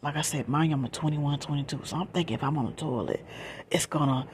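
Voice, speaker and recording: A woman telling a true story in a whispered storytime, moving between soft whispers and her normal voice and repeating phrases for emphasis. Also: low-pitched, fast, a little hiss or hum.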